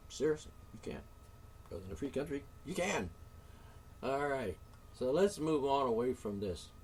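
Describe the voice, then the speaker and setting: A man's voice: mid-range voice, animated, normal speed, a little mellow, recorded from a distance, slight background noise. Indignant, profane man ranting on his show. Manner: indignant, profane, with sighs and sarcastic asides. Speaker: show host. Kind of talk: solo talk show rant.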